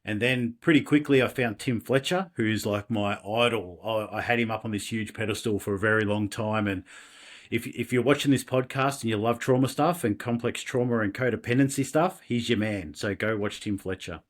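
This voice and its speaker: An Australian man, a podcast guest, telling personal stories in a casual, animated way with laughs and restarts. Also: fairly low pitch, normal speed. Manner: animated, laughing, self-deprecating, many restarts. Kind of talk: casual interview storytelling.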